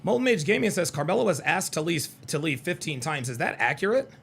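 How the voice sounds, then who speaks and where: A man's voice: fairly high pitch, very animated, a little fast, gravelly, fairly bright tone, a little hiss or hum. A man hosting a live call-in stream, combative and mocking, often repeating himself as he reacts to clips and chat. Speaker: live call-in show host. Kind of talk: heated live-stream commentary.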